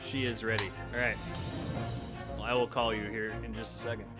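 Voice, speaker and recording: A man's voice: lowish voice, little pitch movement, a little fast, loud music behind the voice. A man hosting a casual livestream, jokey and upbeat as he greets viewers. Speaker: livestream host. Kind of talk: casual stream chat.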